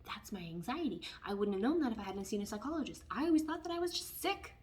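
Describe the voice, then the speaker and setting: A woman giving a casual tarot reading, chatty and expressive, who often drops into hushed asides. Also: medium pitch, racing. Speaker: tarot reader.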